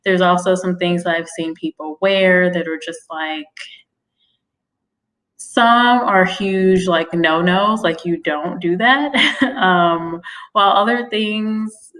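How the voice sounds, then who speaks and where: A chatty woman talking casually on a live stream, laughing often and stopping to greet viewers. Her voice sits a little low for a woman. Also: takes it slowly, a bit bright. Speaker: career vlogger discussing job interviews.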